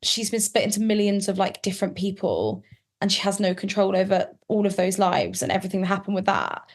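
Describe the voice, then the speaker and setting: A woman guesting on a podcast, talking casually and excitedly, with lots of filler words. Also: mid-range voice, fairly quick. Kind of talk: casual chat.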